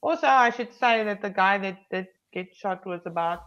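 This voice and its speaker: A woman's voice: medium pitch, normal speed, fairly bright tone, clear, resonant tone. Chatty South African woman, lo-fi sound. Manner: frank, chatty, frequent ums and restarts. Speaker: police officer. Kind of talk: casual interview storytelling. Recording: slightly dull lo-fi recording.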